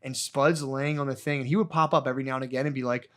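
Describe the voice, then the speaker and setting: A man on a podcast spins a rambling, foul-mouthed story, jumping into the voices of the people in it. His voice sits at an ordinary middle pitch, and his talk is loose and conversational. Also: fairly even intonation, quick pace, a bit bright. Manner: rambling, profane, acts out quotes. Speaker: podcast co-host. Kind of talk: casual storytelling chat.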